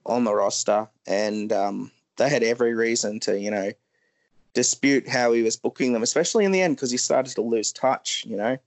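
A man, a guest on a podcast, with a mid-pitched voice. He talks in a rambling, blunt way, swears freely and fills pauses with ums and you-knows. The sound is dry. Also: no room sound. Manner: rambling, many fillers, blunt and profane. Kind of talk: casual podcast interview.

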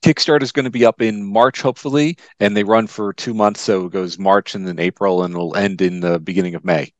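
A man with a low voice, a guest writer in a casual talk. He explains at length with filler words. The sound is dry and close. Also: fairly even intonation, brisk, no room sound. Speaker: guest author. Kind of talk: casual chat.

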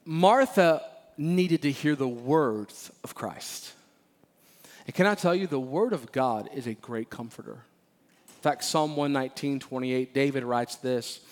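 A man preaching a sermon as pastor of a church, animated and emphatic, often repeating phrases and playfully acting out Bible characters. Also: mid-range voice, unhurried. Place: church sanctuary.

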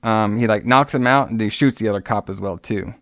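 A man casually recaps a movie, walking through its plot scene by scene with lots of fillers and side comments. His fairly low voice is a bit bright and a little fast. The recording is studio quality with no echo.

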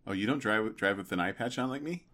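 Deep-voiced man telling anecdotes. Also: fast talker. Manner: storytelling, animated asides and mock quotes. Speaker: podcast co-host. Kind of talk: casual chat.

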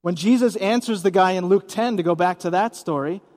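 A man with a high, slightly mellow voice preaches a little fast, serving as pastor at a gymnasium church service. His conversational sermon includes questions for the congregation, and the large hall is audible around him.

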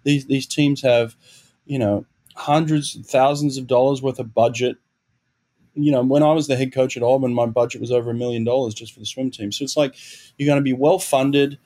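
A man's voice: medium pitch, fairly even intonation, fairly quick, mellow. A middle-aged Australian man, a former Olympic swimmer and coach, talking through his past in an earnest, reflective interview. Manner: earnest, reflective storytelling with repeated restarts. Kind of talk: conversational interview.

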